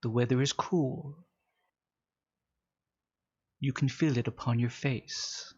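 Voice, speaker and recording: A man's voice: medium pitch, fairly even intonation, husky, lo-fi sound. A man playing a soothing male hypnotist. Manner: soft, slow, soothing hypnotic guidance. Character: calm male mystic guiding a trance.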